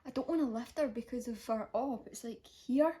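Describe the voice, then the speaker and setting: A woman's voice: on the high side, normal speed, mellow, slightly rough. A young woman chatting casually in a vlog, rambling along with frequent restarts. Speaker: vlogger.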